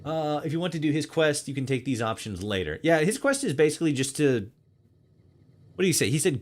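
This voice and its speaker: A young male streamer talks through his game in a loose, casual way. He swears freely, laughs often and thinks out loud while deciding. His voice sits in a middle pitch. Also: lively intonation, a little fast. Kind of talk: casual gameplay commentary.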